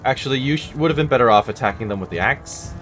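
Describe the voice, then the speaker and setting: A man's voice: mid-range voice, expressive, fast talker. Wry man muttering through gameplay. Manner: wry, muttered asides to himself. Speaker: gameplay video host. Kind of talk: casual gameplay commentary. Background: game music.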